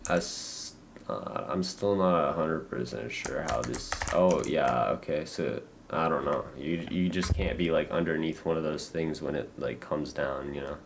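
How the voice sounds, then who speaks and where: A young American man streaming a game, talking in a loose, halting, rambling way full of fillers and restarts. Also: very deep voice, vocal fry, noisy background. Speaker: livestreamer. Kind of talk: casual rambling gameplay chat.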